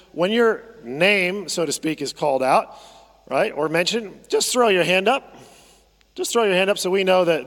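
A man's voice: high-pitched, big-room sound. A man preaching a sermon as pastor, conversational, often repeating phrases and asking the congregation to respond. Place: church sanctuary.

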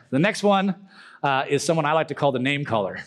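A man's voice: a little high, expressive, brisk. A young man giving a casual, joking talk to a youth group, acting out silly prayer voices.

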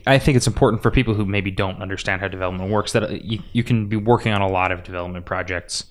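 A man hosting a casual podcast interview, asking questions in a halting way with frequent restarts. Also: deep voice, steady tone. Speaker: podcast host and filmmaker.

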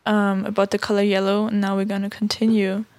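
An upbeat woman hosts a relaxed chat show. She keeps things moving with friendly questions and the odd um. Her voice sounds dry and close to the mic. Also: mid-range voice, a little fast, dry recording. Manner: upbeat, asks questions with frequent ums. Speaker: podcast host. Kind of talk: casual chat.

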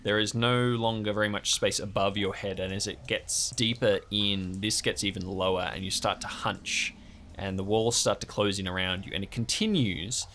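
A man's voice: fairly low pitch, steady tone, normal speed, a bit bright, a little hiss or hum. A young man narrating a tabletop game as game master, describing scenes in a suspenseful storytelling manner.

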